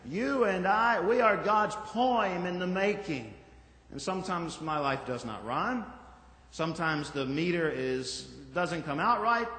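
A male pastor giving a sermon in a church, reflective and gently conversational, with small asides to the congregation. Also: high-pitched, animated, a little slow. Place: church sanctuary. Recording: echoey hall from far off.

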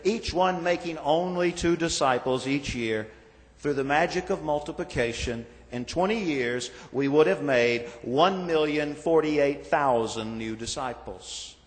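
Man preaching in a reverberant sanctuary. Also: a little high. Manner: measured preaching with slow emphatic lists and falling endings. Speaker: pastor. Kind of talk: sermon. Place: church sanctuary.

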